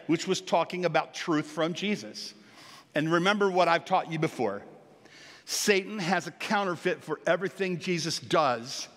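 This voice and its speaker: An older male pastor preaches in an earnest, exhorting manner at a normal speed, his somewhat high, fairly bright voice climbing in pitch on the points he stresses. A long reverb trails after each phrase.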